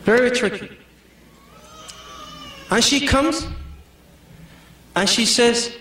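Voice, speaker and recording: Man, high voice, joking preacher style, recorded from afar in a big echoing hall. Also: extremely slow, long pauses, pushed and bright. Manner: jokey, storytelling, full of "you know". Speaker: Islamic speaker. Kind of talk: humorous sermon to a community audience. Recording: echoey hall, mic far off.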